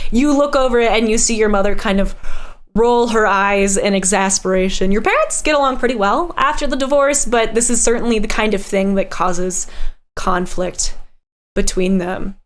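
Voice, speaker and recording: A woman narrating a tabletop game as game master in a measured, descriptive way. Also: mid-range voice.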